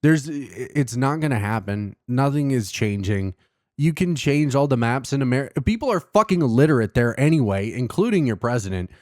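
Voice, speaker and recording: A man talking straight into a close mic in a dry room, his voice at an ordinary middle pitch. He rants, jokes and swears with biting sarcasm, as a host talking alone to his listeners. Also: expressive, a little fast, darkish tone, no room sound. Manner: ranting, sarcastic, profane. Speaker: podcast host. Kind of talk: casual monologue.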